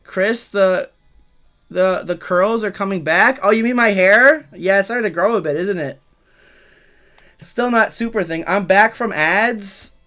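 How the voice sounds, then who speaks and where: A man's voice: sits high, a little slow, bright, forceful tone. A man around thirty streaming a video game, casually chatting and teasing back as he reads and answers his viewers' messages. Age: 30s. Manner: playful, teasing, reads and answers chat aloud. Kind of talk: casual livestream chat while gaming.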